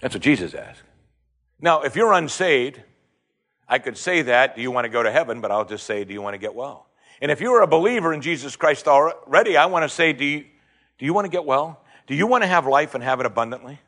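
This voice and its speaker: Man, preacher, sermon, rhetorical questions, husky voice, animated pitch swings. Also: fairly quick. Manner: rhetorical questions, rising to emphatic high points then dropping low.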